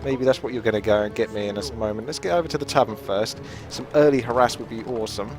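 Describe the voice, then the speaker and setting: A man's voice: medium pitch, fast talker, music in the background. A man from Australia with an Australian accent, giving chatty, jokey commentary on a strategy game as he plays and thinks aloud. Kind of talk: casual gameplay commentary.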